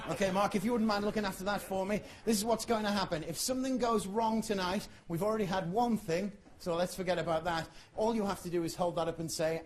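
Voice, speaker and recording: An English man works a comedy club crowd as a magician, his voice sitting fairly high. He delivers his jokes deadpan and keeps up loose banter with the audience. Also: quick pace, few pauses. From England. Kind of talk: stand-up comedy with magic tricks.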